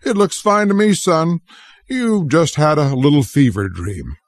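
A man's voice: on the high side, lively intonation, measured pace, no echo, pitched above the performer's own voice. A man reading a story aloud, voicing a jovial older family doctor who sounds cheerful and a little patronizing. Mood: soothing.

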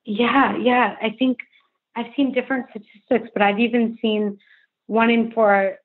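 A woman's voice: fairly high pitch, flat delivery, a little slow. A young adult woman speaking earnestly and candidly as a podcast guest, with frequent "like" fillers. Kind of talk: candid interview conversation. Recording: phone-line remote call.

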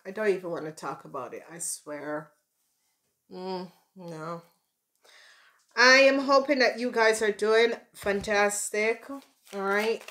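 A woman's voice: medium pitch, slow, pauses often, a bit bright. A woman doing a casual tarot reading for her viewers, chatty and playful, rambling with fillers and calling them by pet names. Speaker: tarot reader.

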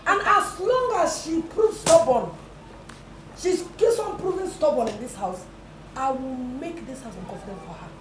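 A woman's voice: high-pitched, animated, moderate pace, echoey room, background noise. A woman playing a scheming mother who dotes on one daughter. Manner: scheming, reassuring her favored daughter. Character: scheming mother, doting and harsh. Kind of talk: film drama acting.

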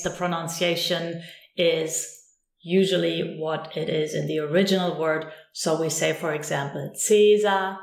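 A woman teaching a recorded lesson, calm and patient, saying example words slowly and repeating them. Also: lowish voice, creaky, reverberant. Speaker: language teacher.

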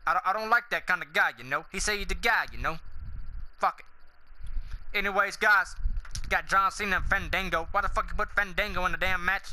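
Brash, sharp-voiced gaming host ranting. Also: male voice, high voice, fast talker, low-quality recording. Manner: loud, profane, swaggering trash talk; goofy and self-mocking, veering into hype. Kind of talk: rambling outro rant to viewers.

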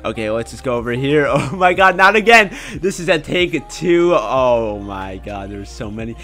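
A young man commentating his own gameplay in a casual, excitable way, often breaking into shouts. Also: mid-range voice, normal speed, faint music behind. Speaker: gaming YouTuber.

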